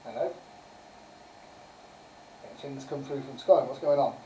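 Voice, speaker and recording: A woman hosting a homespun online quiz night, chatting away and giggling between answers. Her voice is mellow and sits in an echoey room, picked up from a distance by the mic. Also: very deep voice, slow. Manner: chatty, giggly, reads answers and scores aloud. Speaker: quiz host. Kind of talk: casual live-stream pub quiz. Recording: roomy sound from a distant mic.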